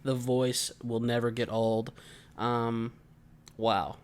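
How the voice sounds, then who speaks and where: A man's voice: mid-range voice, little pitch movement, slow pace, clean tone. A man in his twenties co-hosting a podcast, chatting casually with rambling, joking stories. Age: 20s. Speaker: podcast co-host. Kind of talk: casual chat.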